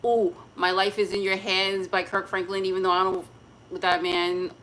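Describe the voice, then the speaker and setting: A woman chatting casually to camera at home, expressive and open about her feelings. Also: mid-range voice, moderate pace, slight background noise. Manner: chatty and emotionally expressive, breaks into gospel singing. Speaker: vlogger.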